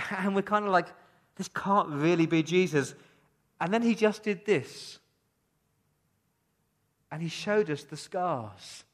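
A man preaching in the first person as the disciples, a frightened group of men who are amazed by what they witness. He tells the story in an excited, storytelling manner. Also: a little high. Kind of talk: first-person dramatic monologue in a sermon.

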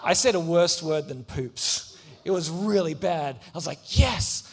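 A young man preaches in a lively storytelling way, acting out the people in his anecdotes. His voice sits high for a man. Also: moderate pace. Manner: animated, acts out voices in anecdotes. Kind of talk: storytelling sermon.

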